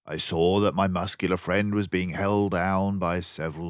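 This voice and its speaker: Older man, deep voice, unhurried storybook reading, dry close sound. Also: level tone, clear, resonant tone, no room sound. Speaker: storybook reader. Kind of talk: reading a children's book aloud.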